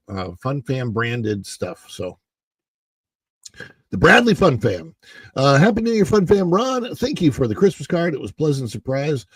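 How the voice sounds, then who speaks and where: A man hosts a casual livestream, chatting and reading viewer comments, his mid-range voice hoarse from the morning as he keeps clearing his throat. He rambles chattily and greets viewers by name, with no echo on the audio.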